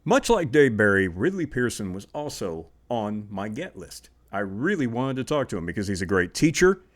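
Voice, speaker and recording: A man's voice: lowish voice, very animated, moderate pace. Chatty self-deprecating male podcast host. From Indiana. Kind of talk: podcast intro and sponsor read.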